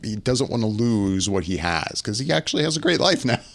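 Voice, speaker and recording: A man with a very low, deep voice leads a relaxed film chat. He gets emotional and rambles, restarting his sentences often as he talks about scenes that moved him. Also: brisk, creaky. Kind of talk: casual film discussion.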